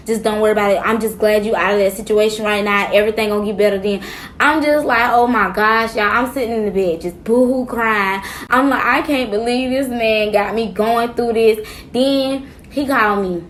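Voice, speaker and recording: A woman's voice: a little high, normal speed. A woman, telling a dramatic personal story in a casual, slangy way and acting out what others said. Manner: animated, acts out quotes, slangy.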